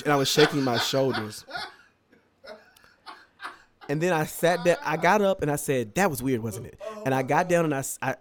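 A man co-hosting a podcast, telling a long funny story in casual chat, laughing often and acting out what people said. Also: mid-range voice. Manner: animated storyteller, laughs often, acts out quotes. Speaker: podcast co-host.

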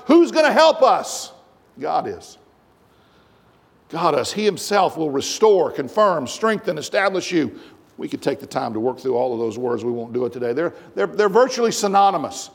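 A man's voice: a little high, very animated, moderate pace, vocal fry, big-room sound. A man preaching a sermon as pastor, emphatic and full of rhetorical questions. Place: church sanctuary.

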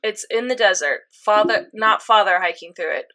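A young woman chatting casually, retelling an episode with lots of fillers and animated reactions. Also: medium pitch, normal speed. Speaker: co-host recapping an anime episode. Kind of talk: casual chat.

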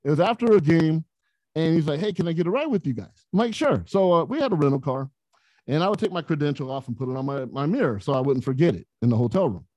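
Man, podcast guest, casual storytelling, slightly high voice, very lively pitch. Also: fast talker, dry recording. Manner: animated, laughing storyteller.

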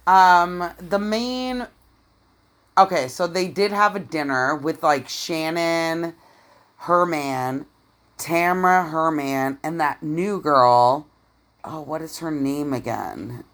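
Podcast co-host, female, deep-pitched, blunt and profane, animated gossip. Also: takes it slowly. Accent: Canadian. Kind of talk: casual chat.

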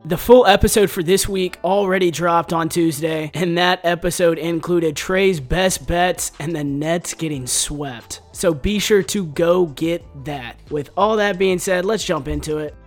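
Hyped guy hosting a hoops podcast, kinda high voice, laughs a lot, faint music behind. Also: measured pace, hardly any pauses. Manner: excitable, laughs often, reads texts aloud. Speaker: podcast host. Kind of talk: casual sports podcast chat.

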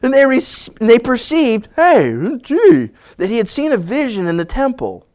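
A male pastor teaching in a conversational sermon, animated and storytelling. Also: very high voice, a little fast.

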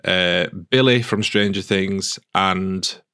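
A man's voice: sits low, slow pace, bright, forceful tone, clear, resonant tone. A man co-hosting a casual podcast, telling stories in a chatty, self-deprecating way. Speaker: podcast co-host. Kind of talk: casual chat.

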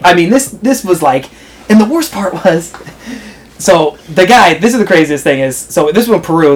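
Rambling, laughing young American man. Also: a little high. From United States. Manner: rambling, filler-heavy, laughs through stories. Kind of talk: casual chat, storytelling.

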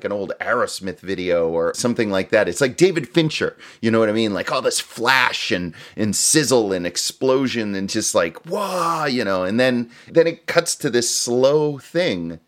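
Animated man ranting about a film. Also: on the low side, moderate pace. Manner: animated, laughs often, acts out quotes from scenes. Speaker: podcast co-host reviewing a film. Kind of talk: casual chat.

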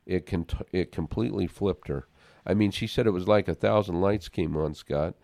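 Low gravelly guy telling a story, earnest, keeps repeating words, dry close sound. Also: normal speed, mellow, no echo. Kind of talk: casual faith discussion.

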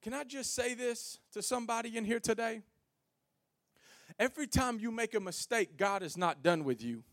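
A male pastor preaching a sermon to a congregation in a church, swinging from soft pleading to shouted, sing-song preaching, folksy and calling out to the room. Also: high voice, no room sound, clean studio sound. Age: young adult. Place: church sanctuary before a congregation.

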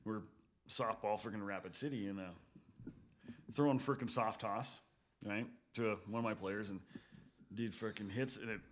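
A man's voice: fairly low pitch, slight background noise. A man on a casual podcast, swearing constantly and laughing at his own stories. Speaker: podcast host. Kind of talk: casual profane podcast chat.

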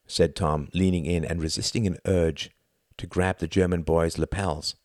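A man narrating a novel in an even, measured storytelling manner. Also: low voice, no room sound, clean studio sound. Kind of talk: audiobook narration.

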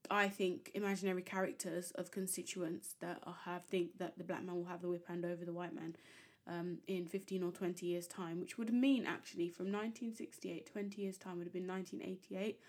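A woman hosting a history podcast, commenting in an animated, exasperated way and reading quotes aloud. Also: mid-range voice. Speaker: podcast host.

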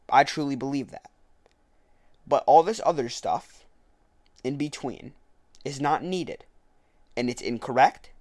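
A man's voice: mid-range voice, darkish tone, no echo. A man commenting on a political speech, arguing point by point and correcting his own slips. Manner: argumentative, self-correcting. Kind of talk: reading a speech aloud and commenting on it.

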